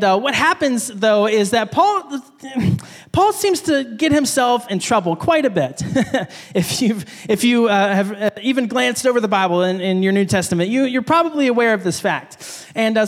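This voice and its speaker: A man's voice: high-pitched, animated, normal speed, long reverb tail. A man giving a casual sermon, with frequent fillers and restarts. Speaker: preacher.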